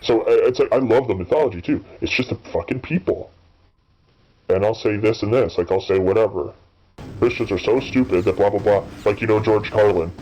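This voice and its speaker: A low-pitched man in his thirties rambles through unscripted commentary while gaming, swearing often and stumbling over fillers and restarts. The recording is dull and lo-fi, lacking any crisp top end. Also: fairly quick, a little mellow. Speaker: gaming channel host. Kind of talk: rambling off-the-cuff commentary while playing a game.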